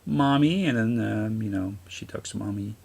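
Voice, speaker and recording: A man's voice: on the low side, normal speed, creaky, a little mellow, husky. A man giving casual, rambling let's-play commentary, often apologizing and restarting his sentences, recorded on a camera mic aimed at a handheld console screen. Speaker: gaming channel host. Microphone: camera mic filming a handheld console screen. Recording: game music playing behind the voice.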